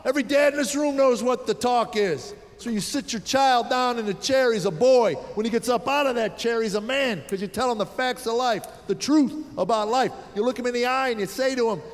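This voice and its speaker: A middle-aged U.S. comedian's stand-up set, recorded live in a theater with hall reverb and a little hiss or hum, centers on exasperated, sardonic anecdotes about raising kids. He speaks at normal speed with an extremely high pitch, barely pausing.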